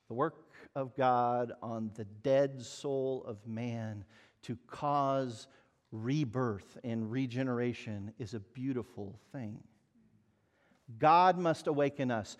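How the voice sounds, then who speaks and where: A pastor with a medium-pitched voice preaches a sermon slowly, earnestly and emphatically, putting pointed rhetorical questions to his listeners.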